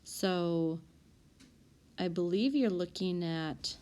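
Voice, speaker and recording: Woman teacher, fairly low voice, reads word lists slowly and clearly. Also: a crowd in the background. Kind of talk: recorded spelling lesson. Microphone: tablet.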